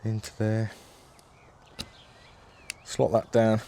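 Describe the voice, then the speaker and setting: Very deep-voiced man chatting outdoors. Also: completely flat delivery, drawn-out words, gravelly, dark tone, slight background noise. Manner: chatty, self-narrating while working one-handed. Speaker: angling vlogger demonstrating gear. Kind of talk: casual demo talk to camera. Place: garden outdoors. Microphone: handheld video camera.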